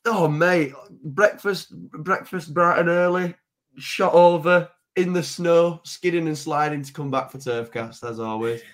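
A man's voice: a little high, unhurried. A man co-hosting a football fan podcast, chatting enthusiastically and joking with the host. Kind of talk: casual fan podcast chat.

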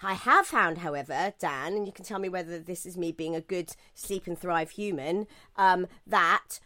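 A British woman co-hosts a casual podcast with a bright, forward voice. She talks in a chatty, animated way, swearing freely and mocking herself as she tells stories. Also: lowish voice, moderate pace. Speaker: podcast co-host.

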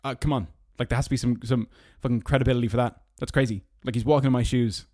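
A fast talker with a steady, darkish tone, this young Irish host rambles through stories alone in his parked car for a casual podcast, adding sarcastic asides and squeaky mocking voices. The recording is dry with clean studio sound.

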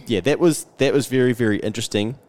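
A man's voice: mid-range voice, fast talker, darkish tone. A man with a New Zealand accent hosting a podcast, telling travel stories in casual chat and acting out what people said. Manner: storytelling, acting out quotes, frequent mate and fillers. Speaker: podcast host.

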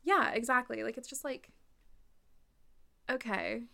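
A young woman co-hosting a podcast, talking in loose, casual chat. Her voice carries plenty of gravelly fry. She is blunt and swears without a second thought. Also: a little high, measured pace, sharp tone. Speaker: podcast co-host.

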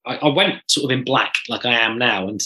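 Male drummer, bright voice, lively anecdotal chat, swears freely. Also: mid-range voice, brisk, rough recording. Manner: animated storyteller, swears casually. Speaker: drummer guest. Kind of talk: casual podcast chat.

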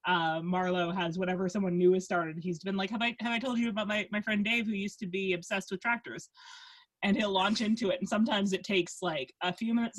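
Giggly rambling woman podcast co-host. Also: medium pitch. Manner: giggly, rambling storyteller with lots of restarts. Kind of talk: casual chat.

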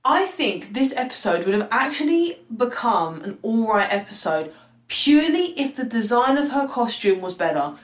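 A young woman co-hosting a podcast in a casual, animated chat, full of "like" and quick asides. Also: a little high. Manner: animated, excitable, lots of "like". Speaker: podcast co-host. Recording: echoey room.

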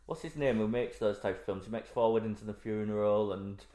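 A man's voice: on the low side, fairly even intonation, brisk, warm tone. A man chatting casually as a podcast co-host, rambling and slipping into silly voices to quote films. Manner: rambling, quoting film lines in silly voices. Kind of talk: casual chat. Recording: roomy echoey room.

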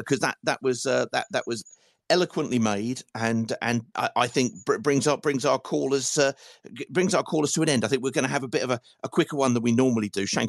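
Male fan-show host, gravelly, dry close mic, chatty self-mocking banter. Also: medium pitch, no room sound. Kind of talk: casual football phone-in chat.

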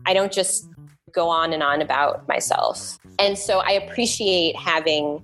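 A woman with a somewhat low voice, chatting as a podcast guest. she speaks thoughtfully and often stops to restart or repeat her words. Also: a little slow, fairly bright tone, faint music behind. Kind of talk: casual interview chat.

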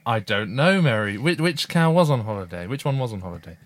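A man's voice: medium pitch, animated, brisk, no room sound. A man hosting a family podcast, asking friendly questions and laughing along with his guest. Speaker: podcast host, a father. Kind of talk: casual interview chat.

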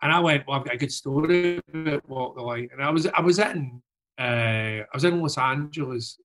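A man's voice: mid-range voice, normal speed, fairly bright tone, faint music behind. A man telling a long anecdote in casual talk, swearing freely and tagging lines with "right?". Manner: swears freely, rambling with many "right?" tags. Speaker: guest storyteller.

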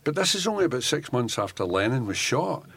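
An older Scottish man, a former undercover police officer, telling animated stories in an interview and laughing often as he acts out what people said. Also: medium pitch, brisk, slightly rough. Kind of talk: anecdotal storytelling in an interview.

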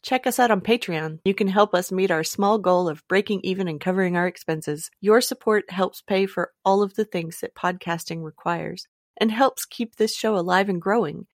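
A woman's voice: fairly low pitch, normal speed. A woman hosting a podcast, chatting casually and then reading an upbeat sign-off with plugs. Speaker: podcast host.

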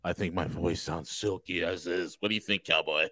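A man's voice: low voice, fairly even intonation, moderate pace, pushed and bright, no echo. A man hosting a podcast, joking and teasing his co-hosts in casual banter. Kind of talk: casual chat.

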